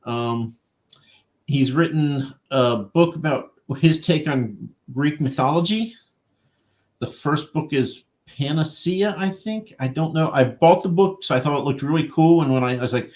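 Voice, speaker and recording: A man's voice: mid-range voice, moderate pace, a little mellow. A man co-hosting a casual podcast, talking in an easygoing, rambling way. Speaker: podcast co-host. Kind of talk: casual interview chat.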